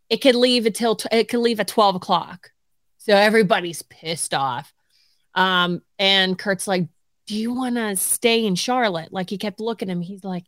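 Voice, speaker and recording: Speaking in a mid-range voice with no room sound, this forties-aged podcast co-host spins a story in relaxed conversation. Lively throughout, she keeps laughing and performs other people's quotes.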